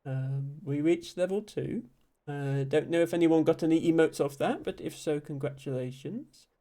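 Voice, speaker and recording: A young man streaming, reading chat messages aloud and thanking viewers, with frequent ums and soft laughs. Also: fairly high pitch, moderate pace. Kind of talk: casual live-stream chat.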